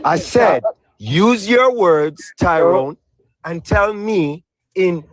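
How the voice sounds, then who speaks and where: Taunting high-voiced man in dry audio. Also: expressive, extremely slow, no echo. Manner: taunting, hostile. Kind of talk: heated live debate.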